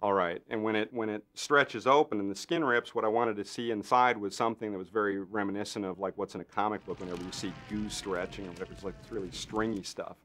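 A man's voice: on the low side, fast, few pauses, faint music behind. Chatty man spinning a filler-heavy story. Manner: animated storyteller, acts out others' lines with lots of fillers. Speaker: special effects artist. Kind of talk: anecdotal interview.

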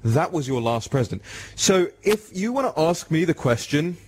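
A man's voice: on the high side, very animated, normal speed, a little hiss or hum. A man with an English accent hosting a talk radio show, speaking emphatically and addressing listeners directly.

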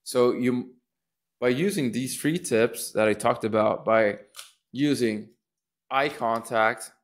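A man's voice: mid-range voice, takes it slowly. A man teaching public speaking in a casual lesson, thinking aloud with restarts and acting out rising and falling intonation on sample phrases. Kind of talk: casual instructional talk.

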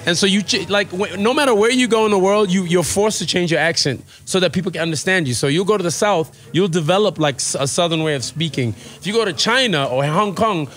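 Relaxed man with a mid-Atlantic accent. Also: sits high, fast talker, hardly any pauses. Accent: mid-Atlantic mix of American and South African. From born in South Africa, raised in the US. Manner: relaxed, rambling storyteller with many fillers. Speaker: podcast guest. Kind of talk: casual interview chat. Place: podcast studio.

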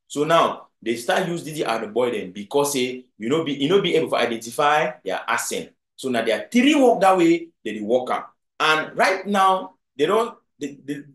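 A man's voice: mid-range voice, reverberant. A man with a Cameroonian Pidgin accent giving video commentary, emphatic and often putting rhetorical questions to his audience. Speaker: political commentator.

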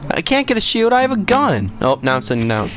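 A young man streaming a game, chatting and yelling excitedly at other players and taunting the game. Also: sits high, fast talker, poor audio. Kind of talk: casual gameplay commentary.

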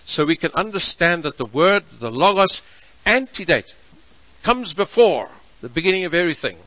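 A man preaching a sermon as pastor, measured and emphatic, stretching out his key words. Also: sits high, very animated, bright, forceful tone, dry recording, low-quality recording. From South Africa.

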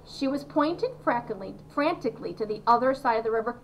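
A woman reading a children's novel aloud to pupils, expressive, with a few slips and restarts. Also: on the high side, brisk, few pauses, background noise.

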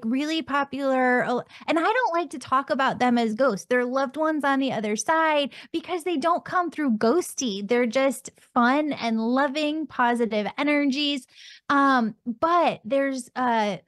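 A woman's voice: sits high, dry recording. Chatty woman host, dry close sound. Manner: chatty storyteller with frequent ums and likes. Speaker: podcast host. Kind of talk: casual podcast conversation.

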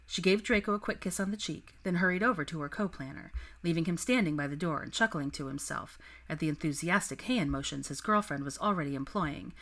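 Low-pitched woman reading a story aloud. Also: fairly quick, few pauses, fairly bright tone. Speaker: fanfiction reader. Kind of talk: storybook narration.

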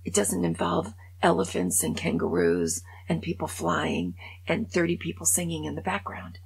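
A woman over 65, vlogging in a chatty, animated way as she comments on stories, and often drops to a whisper. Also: deep voice, normal speed. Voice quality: gravelly and raspy. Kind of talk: casual monologue commenting on news stories.

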